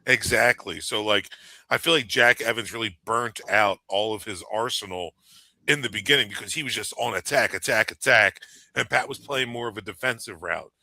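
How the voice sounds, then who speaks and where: Gravelly, bright-edged man, dry sound. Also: on the low side, normal speed, no echo. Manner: emphatic, says "dude" and "you know what I mean". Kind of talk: casual podcast chat.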